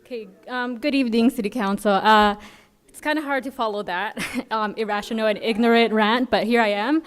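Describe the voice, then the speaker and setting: A woman's voice: a little high, steady tone, brisk, clean tone. A young woman from Southern California, a doctoral student, speaking assertively and sarcastically at a council podium, with frequent "um"s. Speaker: doctoral student giving public comment. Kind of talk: public comment speech. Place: city council chamber.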